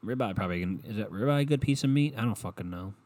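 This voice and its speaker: A man's voice: on the low side, expressive, racing, darkish tone, dry recording. A young man hosting a solo comedy podcast, rambling and swearing and laughing at his own jokes. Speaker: podcast host.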